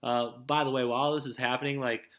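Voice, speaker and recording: A young man fronting his own show races through a loose, rambling anime recap heavy on "like" and "dude." His delivery is flat and fast, with a mid-range, slightly bright voice.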